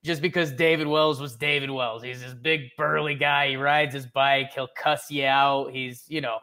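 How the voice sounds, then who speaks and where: A man's voice: medium pitch, steady tone, moderate pace, pushed and bright. A young man co-hosting a casual sports podcast, rambling and joking with frequent laughs. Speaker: podcast co-host.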